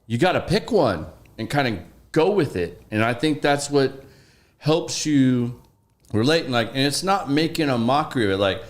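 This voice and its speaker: Animated man spinning anecdotes in a loose podcast chat, average pitch. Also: normal speed. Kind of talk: casual podcast conversation.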